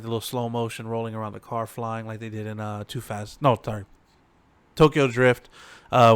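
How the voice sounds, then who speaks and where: A man's voice: medium pitch, clean tone, no echo. Laid-back man recapping a show. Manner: slangy, loose, full of fillers. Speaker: reaction video host.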